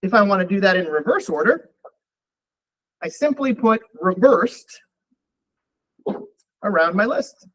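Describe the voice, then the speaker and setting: A man's voice: high-pitched, a little slow, pauses often, low-quality recording. A man teaching a college programming class, thinking aloud as he types and runs code. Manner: relaxed, thinking aloud while typing code. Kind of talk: live coding lecture.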